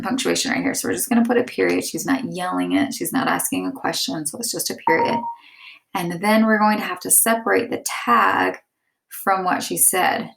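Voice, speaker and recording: Woman teacher, classroom lesson, gravelly, animated pitch. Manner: explains step by step, reads example sentences aloud.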